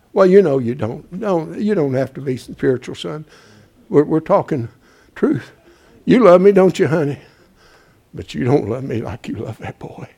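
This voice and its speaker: A man with a high-sitting voice gives a folksy sermon, calling out to the congregation and swinging from booming to quiet.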